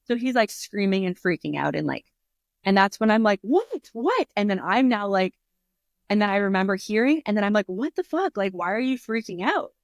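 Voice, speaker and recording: A woman's voice: medium pitch, a little fast, no room sound, studio quality. A woman guest on an interview show telling a personal story candidly, swearing freely and acting out her own reactions. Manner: animated retelling with many fillers. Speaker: podcast guest, author.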